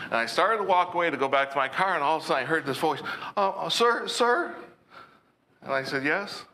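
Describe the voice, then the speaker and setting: A man's voice: on the high side, rapid-fire, pushed and bright, rough recording. A man preaching a sermon, telling a playful, teasing story about his past job.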